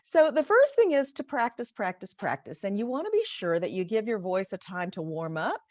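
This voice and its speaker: A woman's voice: medium pitch, sing-song, normal speed, a little mellow, dry recording. A middle-aged woman coaching online in a chatty, encouraging way, often checking in with her listeners. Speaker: online business coach teaching voiceover. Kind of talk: casual teaching to camera. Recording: dull, dry home recording.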